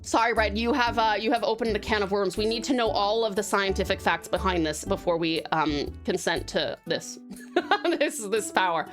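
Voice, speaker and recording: A woman's voice: medium pitch, steady tone, normal speed, soft background music. A young woman from Australia with an Australian accent tinged with American, chatting bubbly on a live stream, greeting viewers with pet names and laughing often. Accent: Australian with American traces. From Tasmania, Australia. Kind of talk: casual live-stream chat.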